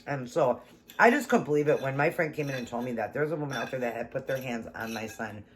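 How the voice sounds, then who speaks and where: A woman vlogger telling a personal story to her viewers in a casual, animated and emphatic way. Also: rumbling low, quick pace, a little hiss or hum.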